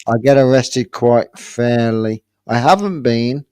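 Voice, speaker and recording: A man's voice: mid-range voice, slow pace, a little mellow, smooth, no room sound. A man in casual live-stream debate, rambling with restarts and calling others "mate". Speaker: panel speaker.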